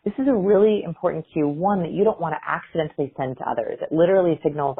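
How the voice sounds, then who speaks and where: A woman's voice: sits low, fast talker, hardly any pauses, slightly rough. A woman guest researcher explaining communication cues in an interview, demonstrating intonation as she talks. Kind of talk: interview clips. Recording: phone-like line.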